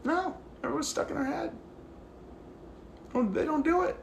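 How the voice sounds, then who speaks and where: Out walking his dog, a man rants casually on a phone livestream in a very high, creaky voice at normal speed. The audio sounds roomy with slight background noise. He's an animated storyteller who acts out the people and quotes in his stories and swears freely.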